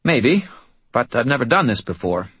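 A tired, rasping bald medium speaks in a quiet, measured way, as a male narrator puts him on, his voice lifted well above the reader's deep tone. The husky rasp sits close and dry, with no room around it. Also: very animated, no echo, heavily acted. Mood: calm, focused. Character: weary bald male medium, calm and focused.

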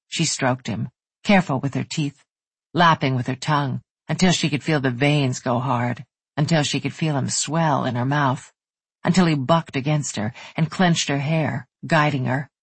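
An audiobook narrator giving a soft, unhurried, intimate reading of a romance novel. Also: mid-range voice, fairly even intonation, husky, dry recording.

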